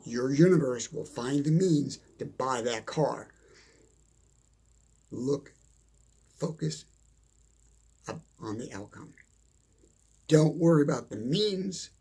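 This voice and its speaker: Man, middle-aged, motivational speaker, gravelly husky voice, blunt and emphatic, repeats himself. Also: on the high side, a little mellow. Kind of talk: motivational monologue.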